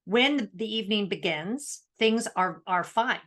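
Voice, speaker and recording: A woman co-hosting a podcast in casual chat, animated and thoughtful as she explains. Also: medium pitch, measured pace. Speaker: podcast co-host.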